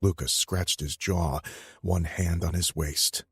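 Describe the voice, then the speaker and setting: A man narrating an audiobook in the first person, measured and steady, on a close studio mic. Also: sits low, slightly rough, no echo.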